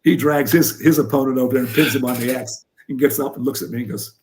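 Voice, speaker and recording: A man, a former wrestler and coach, telling a funny story as an interview guest, animated and laughing through the punchlines. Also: medium pitch, fast, a little hiss or hum.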